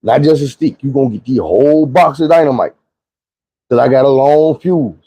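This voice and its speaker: Mellow-voiced man telling a story. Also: mid-range voice, normal speed, breathy edge, no echo, rough recording. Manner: vivid, profane retelling with shouted quotes. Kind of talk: casual storytime monologue.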